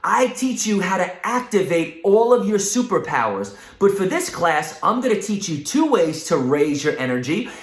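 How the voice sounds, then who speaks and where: A man teaching a class for children in a lively, encouraging way, often asking the listener questions and having them repeat phrases. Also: high-pitched, moderate pace, hardly any pauses, echoey room.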